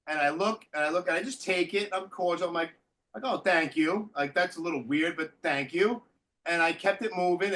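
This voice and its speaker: A man hosting a podcast, telling stories in casual chat with lots of swearing. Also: sits high. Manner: animated storyteller, swears freely. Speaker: podcast host.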